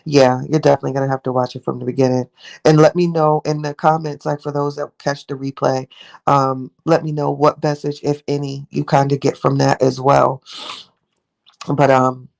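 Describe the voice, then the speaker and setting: A woman's voice: sits low, creaky, a little mellow. A young woman hosting a livestream, chatting and rambling affectionately with her viewers. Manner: rambling, affectionate, talks to chat by name. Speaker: livestream host. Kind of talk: casual live chat with viewers.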